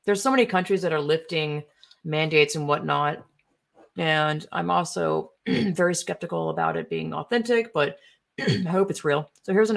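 A young woman with a somewhat low voice rants through online posts in loose, off-the-cuff commentary. She sounds indignant and swears freely, trailing off into fillers and restarts as she goes. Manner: indignant, profane, rambling with fillers. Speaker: political commentary streamer. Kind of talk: casual ranting commentary while browsing posts.

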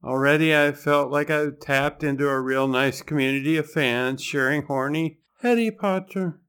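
A man's voice: mid-range voice, fairly bright tone, clean tone. A man hosting a podcast, narrating in a conversational way with dry, wry humor. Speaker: podcast host.

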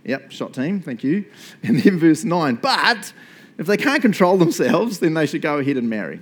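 A middle-aged man with a New Zealand accent, preaching a sermon in a chatty, animated way and laughing often between points. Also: on the high side, moderate pace. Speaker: pastor.

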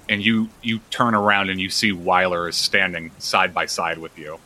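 A man's voice: low voice, flat delivery, moderate pace, pushed and bright, poor audio. A man narrating as game master of a tabletop game, vivid and full of restarts.

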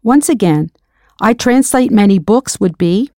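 A woman's voice: medium pitch, animated, measured pace, warm tone, no echo, studio quality. A woman teaching a recorded language lesson, spelling words out letter by letter and asking the listener to answer. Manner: spells words letter by letter, then prompts the learner.

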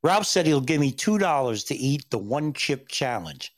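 A man's voice: medium pitch, very animated, normal speed. A man in casual chat, telling crude rambling stories and laughing at his own jokes. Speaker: regular on a casual chat show.

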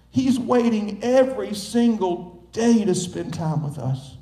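A man's voice: high-pitched, animated, unhurried, dark tone, roomy sound, low-quality recording. A man preaching a sermon as pastor, emphatic and building through repetition.

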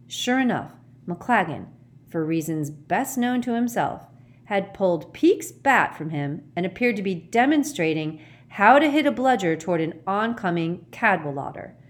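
A woman narrating a storybook in an expressive, dramatic way. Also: medium pitch, moderate pace. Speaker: audiobook reader.

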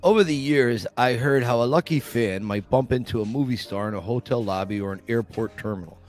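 A man's voice: medium pitch, fairly quick, a little mellow. A man reading a first-person memoir chapter aloud as a podcast host, with light laughs now and then.

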